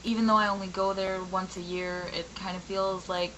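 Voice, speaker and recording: A woman in her twenties, a little raspy from a sore throat, talking candidly in a rambling personal vlog. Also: mid-range voice, level tone, normal speed, fairly bright tone, a little hiss or hum, low-quality recording. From Michigan, US. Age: 20s. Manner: candid, frustrated, rambling with many fillers. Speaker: vlogger.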